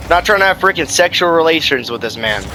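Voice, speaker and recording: A man streaming ranked gameplay, commenting live and trash-talking with sudden shouts. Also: a little high, lively intonation, fast talker, a little hiss or hum.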